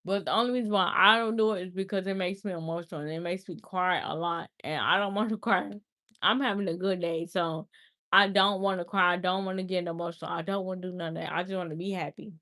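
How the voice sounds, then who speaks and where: A woman's voice: fairly low pitch, steady tone, quick pace, bright, forceful tone. A woman hosting a casual livestream, talking earnestly and repeating herself. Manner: earnest, repetitive, heartfelt talk. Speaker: livestream host.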